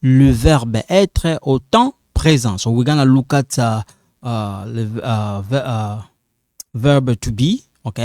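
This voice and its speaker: Teacher, man, unhurried, deep soft tone, keeps asking okay. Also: no room sound, clean studio sound. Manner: slow, repetitive, checks in with "okay?". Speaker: French teacher. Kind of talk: whiteboard grammar lesson.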